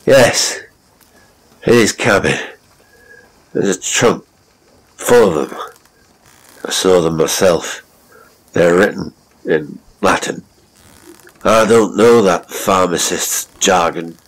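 A man's voice: low voice, takes it slowly, pauses often, full character voice, rough recording. A man voicing a drunken, blustering old sea captain who slurs his indignant protests.

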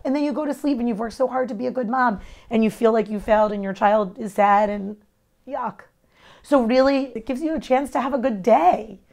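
A woman, a mother, answering interview questions candidly about parenting, talking fast and earnestly with expressive shifts in tone. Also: fairly high pitch, vocal fry. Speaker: parent giving a testimonial.

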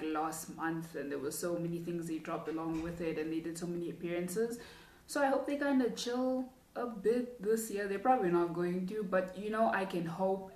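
A young woman hosting a reaction video, chatting casually in an excitable, rambling way as a fan. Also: lowish voice. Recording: roomy echo, distant from the mic. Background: music video playing.

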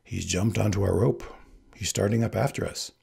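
A man playing a wry swordsman, dry, husky. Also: lowish voice, fairly even intonation, moderate pace, a little mellow, heavily acted.

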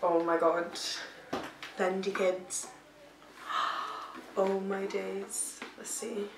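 A pregnant woman vlogging from home in a casual, gushing, excitable chat full of fillers. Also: mid-range voice, very slow, background noise. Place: at home, indoors. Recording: echoey room, mic at a distance.

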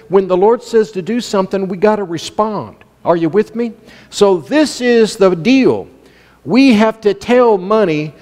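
A man's voice: sits high, a little slow, a little mellow. A man preaching a sermon as pastor, emphatic and calling out to his congregation. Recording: long hall reverb.

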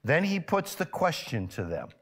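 A male pastor preaching a sermon in a church. He keeps asking his congregation questions and grows loud and emphatic when stirred. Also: on the high side, sing-song, moderate pace. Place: church sanctuary.

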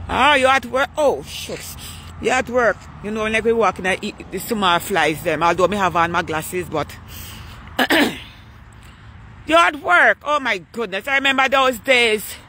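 An older woman with a lilt strolls outside at night and chats to her live-stream viewers in an easygoing way. Her voice is bright and clear, and she takes her time between words. She greets her audience by name as she goes. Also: a little high, slight background noise. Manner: relaxed, chatty, greets and asks viewers by name. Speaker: vlogger hosting a live stream. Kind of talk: casual live-stream chat while walking. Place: outdoors on a street at night.

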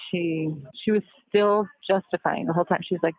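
A woman's voice: fairly low pitch, steady tone, normal speed, no room sound, lo-fi sound. A woman on a recorded call, talking earnestly and reflectively, often trailing off as she searches for words. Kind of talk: reflective conversation.

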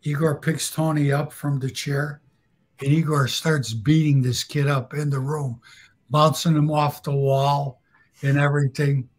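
A man with a husky, somewhat high voice spins casual, blunt stories from his past. He talks plainly and swears without a second thought. He often laughs at his own punchlines. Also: flat delivery, unhurried. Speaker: guest storyteller. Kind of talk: casual storytelling.

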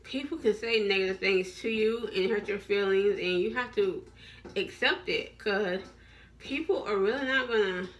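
A woman's voice: mid-range voice, moderate pace, recorded from a distance. A woman vlogger giving a repetitive, preachy motivational talk to her viewers. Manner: repetitive, preachy, encouraging, restarts often.

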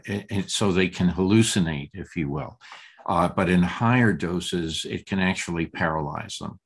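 An older man leading a group text study, talking haltingly with many fillers and restarts. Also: low-pitched.

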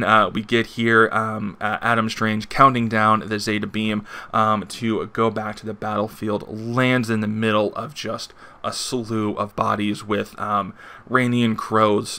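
A man's voice: fairly low pitch, vocal fry, pushed and bright. A man casually reviewing a comic book, rambling with lots of fillers and the odd chuckle.

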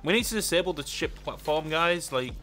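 A young British man streaming a game live, chatting playfully with viewers, laughing often and pleading in loud bursts. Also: on the high side, expressive, fairly quick, faint music behind. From United Kingdom.

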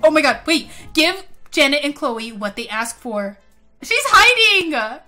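A young woman doing excitable casual let's play commentary, gasping and saying like a lot. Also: high voice, normal speed, faint music behind. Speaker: gaming YouTuber.

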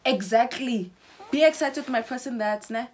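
A woman's voice: on the high side, normal speed, a little mellow. A young South African woman chatting casually as a host, insistent and repeating herself to make her point. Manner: insistent, repeats herself, mixes in Zulu words. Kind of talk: casual chat.

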